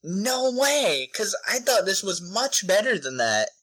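A young man co-hosting a podcast, chatting casually with animated, incredulous reactions. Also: sits high, normal speed, husky, no room sound, poor audio. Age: young adult. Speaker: podcast co-host. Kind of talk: casual chat.

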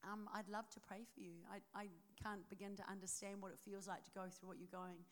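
A New woman delivers a sermon, weaving in a personal story. She tells it animatedly, with plenty of "um"s, "like"s and restarted sentences. Her voice sits at an ordinary middle pitch for a woman. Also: level tone, quick pace. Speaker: preacher.

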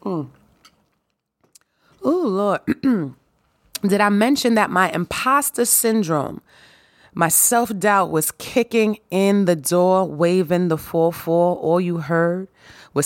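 Woman, podcast host, hoarse, raspy, lowish voice, sassy motivational monologue, dry close mic. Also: unhurried, no echo. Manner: sassy, preachy, talks to listeners directly. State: hoarse from a sore throat.

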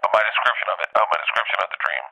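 A man's voice: fairly low pitch, very animated, very fast, gravelly, heavy background noise. A man, a stand-up comedian, telling a long story in a loose, rambling way full of "like"s and restarts. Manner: loose, filler-heavy telling with many "like"s.

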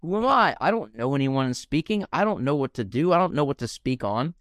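Young man, podcast host, lively swinging delivery, dry close mic, fervent and heartfelt. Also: mid-range voice, a little fast, dry recording. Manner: passionate, heartfelt, animated. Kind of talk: podcast interview.

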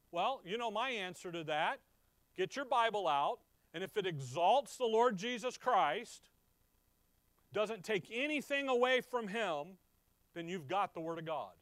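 Emphatic high-voiced male preacher. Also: dry recording. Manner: conversational, asks the listeners questions; emphatic, swings from loud to quiet. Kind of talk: Bible teaching sermon.

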